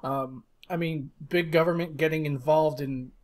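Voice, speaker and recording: A man's voice: on the high side, fairly even intonation, moderate pace. Joking American man hosting a podcast. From United States. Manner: joking, laid-back banter. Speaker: podcast host. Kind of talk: casual podcast chat.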